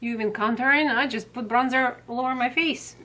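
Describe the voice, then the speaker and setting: A middle-aged woman guest chatting casually, brisk and talking to herself as she hurries. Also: a little high, sharp tone. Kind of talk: casual chat.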